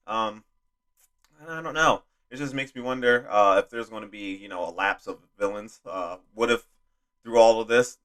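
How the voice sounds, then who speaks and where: A man's voice: lowish voice, a bit bright. A young man giving casual, rambling movie commentary as a video host, with lots of fillers and swearing. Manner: rambling, frequent fillers and profanity.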